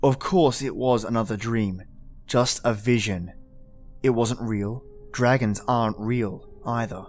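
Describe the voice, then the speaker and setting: Somber man narrating a dark first-person tale with raw emotion. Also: mid-range voice, steady tone, measured pace, soft background music.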